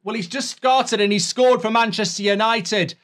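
Male reaction host, high, bright tone, chatty match talk. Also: steady tone, normal speed. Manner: chatty, opinionated, shouts at goals. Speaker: football fan channel host.

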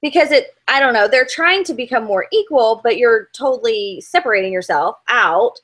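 A woman co-hosting a podcast in a fairly high voice, chatting casually. She hedges her opinions and fills gaps with fillers as she talks. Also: expressive, normal speed, fairly bright tone. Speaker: podcast co-host.

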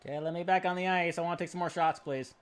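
A man narrating his own hockey video game as he plays, excitable and self-deprecating, talking back at the screen. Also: fairly high pitch, very fast. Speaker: gamer playing a hockey career mode. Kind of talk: excited let's-play commentary.

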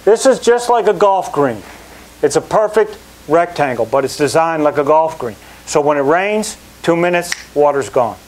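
Animated middle-aged man telling stories. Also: a little high, moderate pace. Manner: animated storyteller, acts out quoted people. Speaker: country club general manager. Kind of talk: anecdotal talk to an audience.

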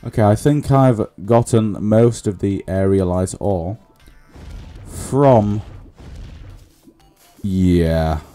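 Playing a video game, a gaming channel host speaks slowly in a low, mellow voice. He mutters a running let's-play commentary for his viewers, with faint music in the background.

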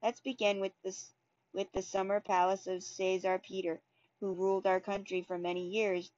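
A woman's voice: medium pitch, level tone, normal speed, a little mellow, lightly acted. Woman voicing a friendly lady juggler tour guide, stop-start reading, dull lo-fi sound. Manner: hesitant reading with restarts. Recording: dull lo-fi recording.

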